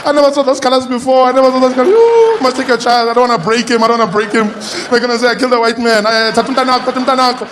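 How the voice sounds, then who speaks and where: A man's voice: extremely high pitch, very fast, hardly any pauses, noisy background, voice pushed up. A man voicing a distraught elderly grandmother who pleads and repeats herself between wails. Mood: tearful pleading. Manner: wailing, repetitive protests.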